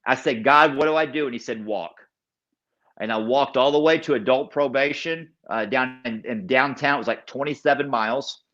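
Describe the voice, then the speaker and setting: A man's voice: mid-range voice, brisk, hardly any pauses, fairly bright tone, highs cut off. Emphatic man telling his recovery story. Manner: emphatic storyteller, repeats key phrases; acts out other people's lines in the story. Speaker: podcast guest. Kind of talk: personal recovery testimony.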